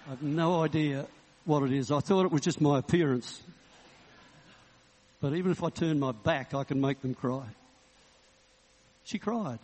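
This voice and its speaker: A man's voice: fairly high pitch, normal speed, long pauses, a little mellow. A man in his sixties, a Baptist minister, delivers a sermon in a humorous, conversational storytelling manner and closes in prayer. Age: 60s. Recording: reverberant hall.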